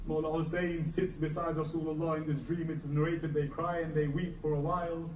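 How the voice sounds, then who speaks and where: A man preaches a Muharram sermon in a mosque hall, his fairly high voice swelling and dropping with feeling. He is picked up from a distance, so the hall's echo rings around every phrase, with a faint hum of the room underneath. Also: flat delivery, brisk, hardly any pauses, darkish tone. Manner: dramatic, rising and falling intensity. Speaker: Muharram lecturer. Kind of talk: emotional sermon storytelling. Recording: echoey hall, recorded from far off, faint ambience.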